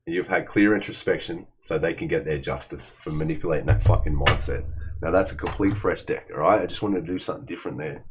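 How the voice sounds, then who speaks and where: A man's voice: very deep voice, fast, a little hiss or hum. A man giving a casual tarot reading, blunt and profane, often calling the listener "man". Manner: blunt, swears freely, calls listener "man". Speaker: tarot reader.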